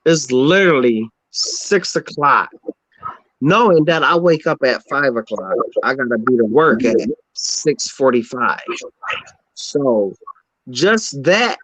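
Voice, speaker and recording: Slow-talking man telling a story. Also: mid-range voice, lively intonation, fairly bright tone, no echo, rough recording. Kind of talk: casual group chat.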